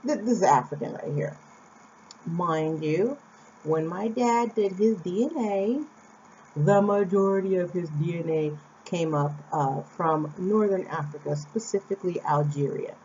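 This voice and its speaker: Speaking at a moderate pace with lively intonation, this young woman's voice is on the low side and a little mellow. A vlogger from Phoenix, Arizona, she chats casually through a personal story, tossing in asides to viewers, on a slightly dull lo-fi recording.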